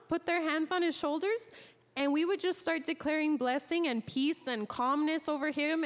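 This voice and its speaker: A woman, a teacher, telling a personal testimony in a casual, animated storytelling way, acting out the dialogue she quotes. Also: high voice, big-room sound.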